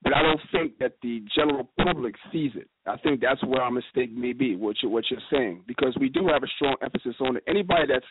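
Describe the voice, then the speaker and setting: Fast-talking man on a noisy phone line. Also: medium pitch. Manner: fast, animated storytelling with quoted dialogue. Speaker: guest speaker. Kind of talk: casual radio discussion.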